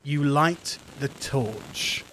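A man's voice: medium pitch, very slow, a bit bright. A man running a tabletop game as game master, chatty and often laughing. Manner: giggly, loose and chatty.

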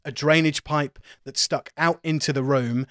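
A man's voice: fairly high pitch, fairly even intonation, normal speed, fairly bright tone, no echo, studio quality. A man running a tabletop game as game master, explaining with wry, stumbling restarts.

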